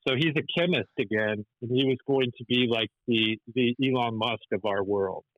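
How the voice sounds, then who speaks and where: A man telling stories as an interview guest, rambling with frequent restarts and fillers. His voice sits at a middling pitch and sounds dull and lo-fi. The recording is dry, with no room sound. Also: moderate pace, dry recording. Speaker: animator and musician guest. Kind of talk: storytelling interview.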